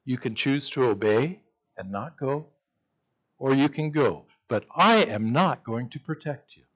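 A man's voice: medium pitch, lively intonation, a little slow, a bit bright, muffled recording. A male pastor preaching a sermon, retelling scripture as a story and acting out its voices.

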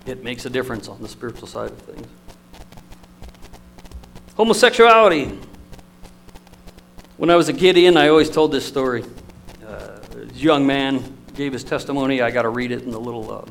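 A man preaching a sermon, telling stories in an emotional, storytelling manner with lively swings in loudness. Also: medium pitch, normal speed, gravelly, long pauses, a little hiss or hum, poor audio.

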